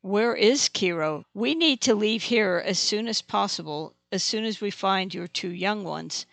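A narrator reading an audiobook, voicing a man shouting hurriedly. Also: medium pitch, a little slow, gravelly, dry recording. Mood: urgent. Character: urgent adult man, companion of the group.

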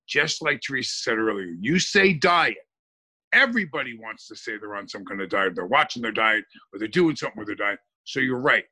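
A man's voice: mid-range voice, expressive, brisk, sharp tone, slightly rough. A man chatting on a podcast in long, emphatic run-on sentences. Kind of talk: casual chat.

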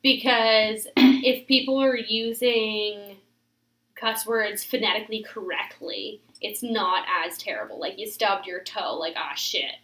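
A young woman in her twenties chats bluntly, laughing easily and swearing freely. Her voice is bright and forceful. The recording carries a roomy echo. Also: medium pitch, steady tone, unhurried. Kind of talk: casual chat.

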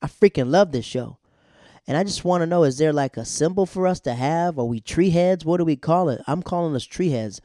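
A man casually recapping a TV episode, animated and slangy, acting out the characters' lines as he goes. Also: a little high, fairly quick, dry recording, studio quality. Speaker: show recapper.

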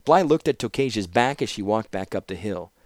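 A man narrating a fantasy novel in measured audiobook style. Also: fairly low pitch, lively intonation, no echo, clean studio sound. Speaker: fan audiobook reader.

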